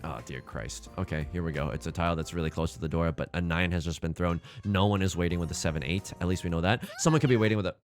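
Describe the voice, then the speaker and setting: A young man giving casual gameplay commentary as a let's play host, swinging between fretting mutters and excited outbursts. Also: low-pitched, fast talker, hardly any pauses, faint music behind.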